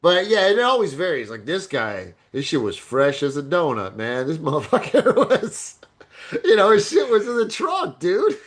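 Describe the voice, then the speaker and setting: A man's voice: on the high side, moderate pace. Laughing man telling a road story. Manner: laughing storyteller, animated with crude banter. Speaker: podcast co-host. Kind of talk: casual chat.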